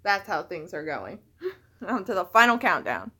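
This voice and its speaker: Bright-voiced woman co-hosting a stream. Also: mid-range voice, sing-song, unhurried, slightly rough. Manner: chatty, reads viewer comments aloud. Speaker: co-host reading chat. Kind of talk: casual live stream chat.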